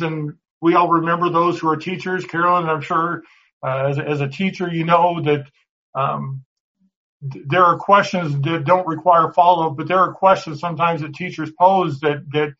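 A man's voice: fairly high pitch, fairly bright tone. A man teaching a Bible class in a conversational way, often restarting words and putting questions to the class. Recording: dull lo-fi recording.

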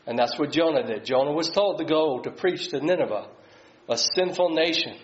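A man's voice: on the high side, moderate pace. A man leading a Bible study, putting questions to the group and reading scripture aloud. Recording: slightly dull sound.

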